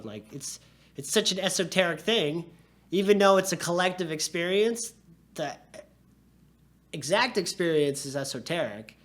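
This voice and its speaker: A man in his forties talks casually as a podcast guest, his voice sitting a little high. He rambles in an animated, loose way, dropping "dude" and "like" as he goes. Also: normal speed. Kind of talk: casual chat.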